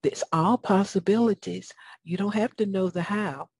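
A woman's voice: medium pitch, normal speed, a little mellow, husky, no room sound. A woman with a Southern US accent giving a motivational talk, folksy and preacherly, often asking her audience questions. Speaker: motivational speaker.

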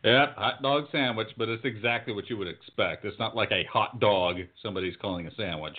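A man co-hosting a podcast, swearing freely and getting excitable in casual banter. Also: lowish voice, a little fast. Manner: profane, excitable. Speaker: podcast co-host. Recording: phone-like lo-fi audio.

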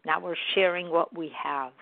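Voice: medium pitch, steady tone, normal speed, creaky, no room sound. Earnest speaker on a tinny line. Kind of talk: reflective spoken monologue. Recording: tinny phone-like dry recording.

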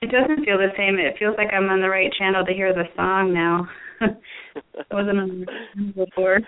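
A woman caller in a healing session, answering briefly and quietly. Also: mid-range voice, fairly even intonation, moderate pace, dry recording. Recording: dry, tinny phone line.

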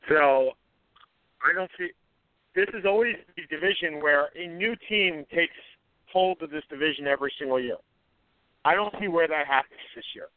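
Pausing often at a moderate pace, a man with a voice on the high side co-hosts sports talk radio. He's confident in his predictions yet corrects himself mid-stream. There's no room sound, just dry, phone-like broadcast audio.

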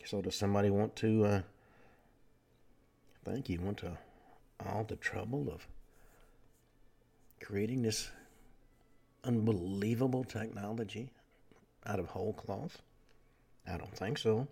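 A man hosting a talk radio show, delivering a lecturing monologue with frequent pauses and fillers. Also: fairly low pitch, steady tone, creaky, mellow, breathy edge.

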